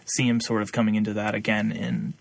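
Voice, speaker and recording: A man's voice: lowish voice, level tone, a little fast, creaky, no room sound. A young man co-hosting a podcast, talking casually with lots of fillers and laughing often. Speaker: podcast co-host. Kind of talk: casual chat.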